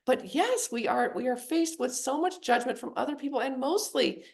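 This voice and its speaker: Woman, middle-aged, gravelly edge, psychologist guest on a podcast, animated storyteller. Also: sits high, moderate pace. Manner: storytelling, animated voicing of quoted people. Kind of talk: podcast interview.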